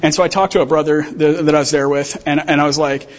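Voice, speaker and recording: Man, sermon, casual joking storyteller, fairly high voice, dull lo-fi sound. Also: fairly even intonation, fast. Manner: casual, humorous storytelling with slang. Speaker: missionary guest speaker.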